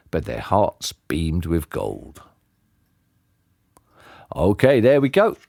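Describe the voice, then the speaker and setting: A man reading a children's book aloud as a bedtime story, expressive and animated. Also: fairly low pitch, no echo, studio quality. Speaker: audiobook reader.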